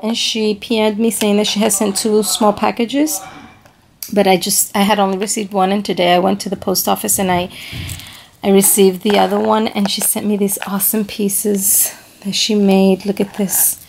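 A woman with a gravelly, fry-edged voice talks casually to her camera at home, gushing with enthusiasm and repeating her praise. She often pauses and trails off mid-sentence while hunting for the right word, and a faint noise sits under her voice. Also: medium pitch, flat delivery, a little mellow. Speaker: craft vlogger showing a package.

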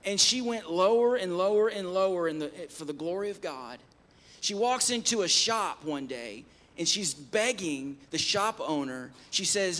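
High, bright-voiced male preacher. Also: expressive, unhurried. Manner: emphatic, with frequent restarts. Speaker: pastor. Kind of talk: sermon. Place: church, live-streamed service.

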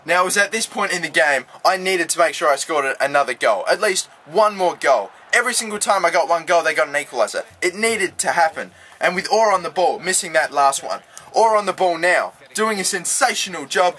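An Australian man commentating his own football video game match, swinging from calm play-by-play to loud, swearing outbursts. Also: high-pitched, fairly quick. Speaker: gaming YouTuber.

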